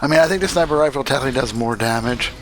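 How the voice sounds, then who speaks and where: A man's voice: medium pitch, rapid-fire, a bit bright, a little hiss or hum. A man giving rambling, jokey commentary while streaming a video game. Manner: rambling, chatty, jokey asides. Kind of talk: casual let's-play commentary. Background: game music.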